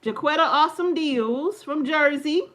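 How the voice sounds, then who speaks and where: A woman's voice: high voice, normal speed, fairly bright tone. A woman co-hosting a casual livestream, laughing and greeting viewers by name as she reads the chat. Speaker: livestream co-host. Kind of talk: casual live chat reading viewer comments.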